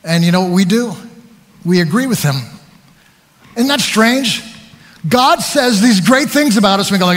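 A man preaching a sermon, telling stories about himself with animated, self-deprecating humor. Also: high voice, normal speed, long pauses, big-room sound.

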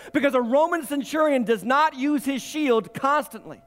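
A male pastor preaching an animated, emphatic sermon, laughing often and repeating his points. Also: very high-pitched, fast, few pauses, long reverb tail.

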